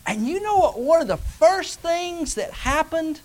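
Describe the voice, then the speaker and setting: High-voiced American man preaching, dramatic swings between loud calls and quiet asides. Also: sing-song, unhurried. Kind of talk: sermon.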